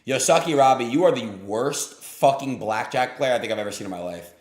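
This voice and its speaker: A young man live-streaming his gambling, swearing freely and swinging between yelling and muttering. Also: medium pitch, lively intonation, fairly quick. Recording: roomy echo.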